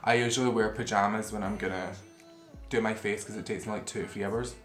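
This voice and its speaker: A man's voice: fairly low pitch, steady tone, fairly quick, roomy sound, soft background music. A man vlogging casually to camera while he eats, rambling and swearing freely as he talks. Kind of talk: casual eating-show chat to camera. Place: room at home. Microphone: camera facing him.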